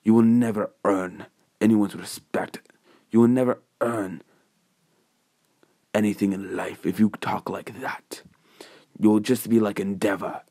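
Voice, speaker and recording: A man putting on a grim young armored hero who talks slowly and gravely. The voice sits fairly low, with solemn weight on each word, like a fan-made storybook reading. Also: steady tone, dark tone, dry recording, clean studio sound. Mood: stern. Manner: slow, solemn, dramatic delivery.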